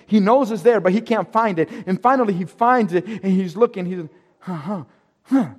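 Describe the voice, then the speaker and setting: A man telling a personal story with drama. He acts out dialogue and drops to hushed tones at tense moments. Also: high-pitched, in a large hall.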